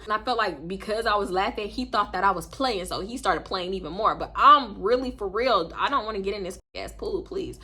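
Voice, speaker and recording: A young woman with a Southern US accent rattles through a storytime vlog at a rapid clip. Her voice is bright and a little husky, and she jumps up high and squeaky whenever she acts out what people said. She talks casually and swears freely. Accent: Southern US, Houston. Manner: animated, profane, acts out quotes in a squeaky high voice. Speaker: storytime YouTuber.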